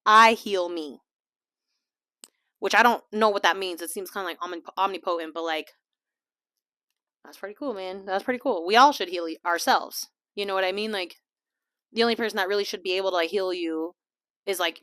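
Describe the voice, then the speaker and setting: A woman hosting a casual podcast, chatty and laughing often, slipping into quiet asides. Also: mid-range voice, no room sound, clean studio sound. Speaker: podcast host. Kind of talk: casual chat. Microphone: small desk mic.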